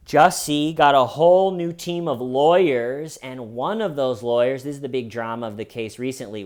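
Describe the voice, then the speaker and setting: A man hosting a casual commentary show, talking in a sarcastic, mocking way. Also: medium pitch. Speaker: host.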